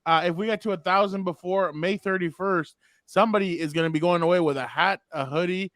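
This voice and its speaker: A male podcast host closing the episode with casual promotional plugs and frequent filler pauses. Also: sits high, a bit bright, no room sound. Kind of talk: casual sports podcast outro.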